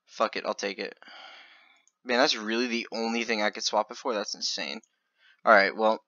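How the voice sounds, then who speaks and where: A man commentating his online gambling in a casual video, stammering and swinging between loud excitement and quiet muttering. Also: on the low side, normal speed, dry recording, dull audio. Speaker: gaming video creator.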